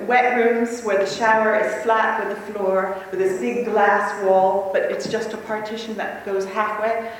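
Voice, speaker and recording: A woman speaking at a convention, telling a lively personal story to a live audience with frequent laughter. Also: medium pitch, a little hiss or hum. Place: large conference hall. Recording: echoey hall, speaker far from mic.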